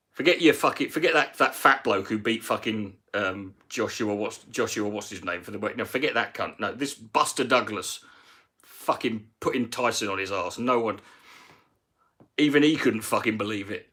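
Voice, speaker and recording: A man's voice: on the low side, moderate pace, sharp tone, breathy edge. A man, a comedian, ranting casually on a live stream with rambling, profane talk and many restarts.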